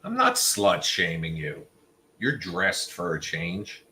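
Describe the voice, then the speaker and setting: Male livestream host, unhurried and teasing, sharp tone with a lively swing in pitch. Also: slight background noise. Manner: teasing, joking. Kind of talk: casual live chat.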